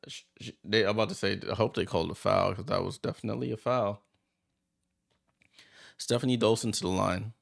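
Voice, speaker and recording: Man, gravelly voice, casual play-by-play, excitable watchalong host. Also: fairly low pitch, a little fast, pauses often. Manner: chatty and excitable, reacting aloud to plays. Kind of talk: casual live play-by-play commentary.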